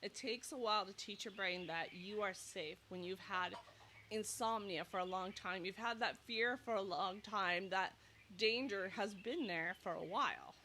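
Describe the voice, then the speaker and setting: Nurse host, woman, 30s, bright and animated, a bit breathless, outdoor clip-on mic. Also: medium pitch, normal speed, slight background noise. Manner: animated, acts out anxious inner thoughts. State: slightly out of breath. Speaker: nurse and sleep coach. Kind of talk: casual direct-to-camera advice talk. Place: outdoors in humid heat. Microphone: clip-on mic, loosening.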